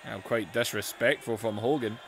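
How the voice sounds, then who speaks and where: A man giving casual, excitable commentary over a wrestling video game. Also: mid-range voice, moderate pace, slight background noise. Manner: excitable, amazed reactions. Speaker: gaming YouTuber.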